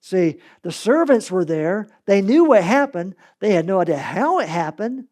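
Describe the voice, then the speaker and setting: Male preacher, sermon delivery, animated storyteller, dynamic loud-to-soft swings. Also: high-pitched, moderate pace. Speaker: pastor.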